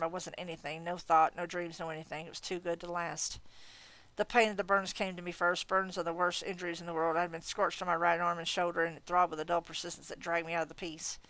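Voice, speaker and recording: A woman reading a novel aloud in an expressive, casual manner. Her voice is getting tired. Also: lowish voice, fast, no echo. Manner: expressive reading, breaking off to laugh and comment. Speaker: audiobook reader.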